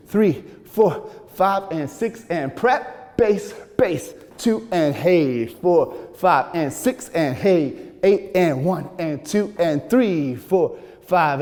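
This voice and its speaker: Young male dance teacher, energetic and out of breath, counts beats in a big echoing studio. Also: sits high. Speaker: dance instructor. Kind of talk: dance tutorial, counting out moves. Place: large echoey dance studio.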